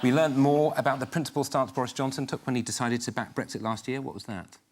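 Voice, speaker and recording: A man hosting a comedy panel show, briskly reading questions and news items. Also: mid-range voice, steady tone. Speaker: guest host.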